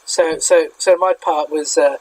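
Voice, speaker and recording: A man's voice: a little high, fairly even intonation, a little slow, darkish tone, rough recording. A man with a British accent hosting a podcast in casual chat, chatty and self-deprecating, often stumbling and restarting. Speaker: podcast host.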